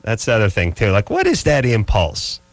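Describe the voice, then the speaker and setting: A man hosting a radio call-in show, telling stories in a rambling, animated way. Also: on the low side, normal speed, no room sound. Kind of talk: casual talk radio banter.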